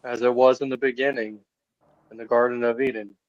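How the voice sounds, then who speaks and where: A man in a casual discussion, speaking deliberately and slowly repeating phrases. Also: mid-range voice, flat delivery, no echo. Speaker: discussion participant. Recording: dull, dry lo-fi recording.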